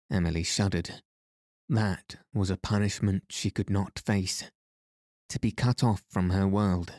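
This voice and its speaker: A man narrating a novel as an audiobook in a measured, even reading voice. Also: sits low, dry recording, studio quality. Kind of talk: scripted narration.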